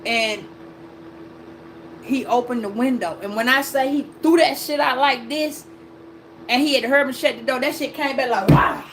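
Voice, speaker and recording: A woman's voice: high voice, moderate pace, long pauses, fairly bright tone, slight background noise, rough recording. A woman host telling a personal story in a casual rant, blunt and profane with emphatic retelling. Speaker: astrology and tarot channel host.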